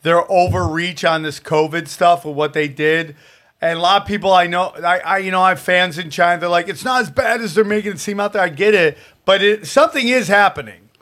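A man's voice: high voice, brisk, a bit bright. A man co-hosting a podcast, ranting emphatically in casual chat. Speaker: podcast co-host.

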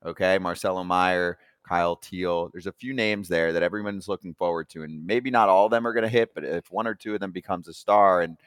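A young man from New Jersey hosting a casual sports betting chat, talking in a chatty, animated way. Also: deep voice, a little fast, hardly any pauses, clean tone, no room sound, clean studio sound. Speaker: sports betting podcast host.

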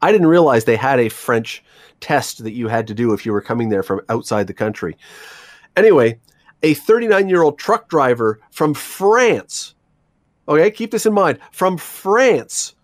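A man's voice: a little high, expressive, measured pace, no echo, studio quality. A man from Canada co-hosting a radio show, telling news stories in a chatty, rambling way with asides and restarts. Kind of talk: casual radio chat.

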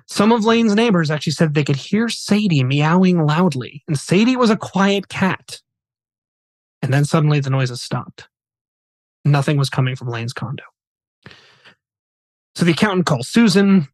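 Mężczyzna, poważnie opowiadający historię, suchy dźwięk. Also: male voice, a little high, no echo. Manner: earnest, somber retelling with quoted dialogue. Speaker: podcast host. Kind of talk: storytelling podcast narration.

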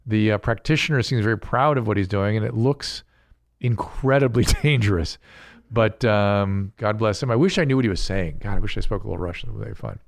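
A man's voice: on the low side, fairly quick, vocal fry, dry recording. Amused man hosting a video-reaction podcast. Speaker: podcast host. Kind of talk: casual commentary on viral videos.

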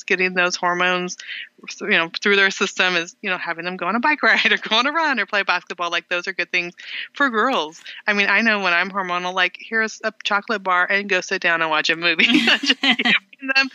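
Woman, middle-aged, guest author, earnest, laughs often, very bright tone, dry close sound, dull lo-fi recording. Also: fairly low pitch, clean tone, dry recording. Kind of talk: casual interview chat.

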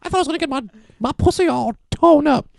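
A man voicing a coughing, phlegmy blonde woman in a high falsetto for an improvised comedy sketch. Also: fast, gravelly, no room sound, clean studio sound, exaggerated voice. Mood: campy.

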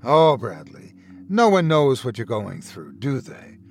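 Cruel taunting doctor, slow hushed delivery, lively swooping pitch, as a narrator puts him on. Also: male voice, a little hiss or hum. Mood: mocking. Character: menacing, mocking adult male doctor.

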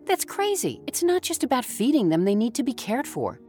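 A man doing a shrill, tearful old cat lady. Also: wildly swooping pitch, a little fast, darkish tone, faint music behind, heavily acted. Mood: pleading. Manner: shrill, tearful falsetto pleading. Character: older woman, devoted cat lover, distraught. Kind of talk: horror story narration.

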